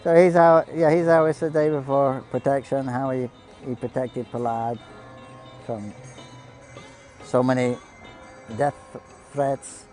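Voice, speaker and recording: Male devotional storyteller, mellow low-toned delivery, halting and anecdotal, faint music bed. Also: little pitch movement, poor audio. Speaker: devotee storyteller on a pilgrimage broadcast.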